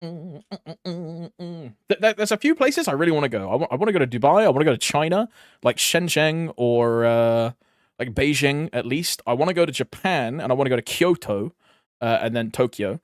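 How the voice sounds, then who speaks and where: A man's voice: a little high, lively intonation, a little fast, no room sound, clean studio sound. A young man streaming a game, chatting casually in a rambling way, laughing often and calling his viewers bro. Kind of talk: casual chat while gaming.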